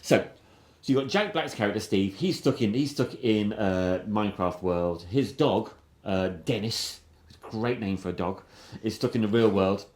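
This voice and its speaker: A man hosts a film review podcast, chatting casually in an enthusiastic, rambling way and restarting often. His voice is lowish and darkish in tone, a little slow, and the recording has a roomy echo.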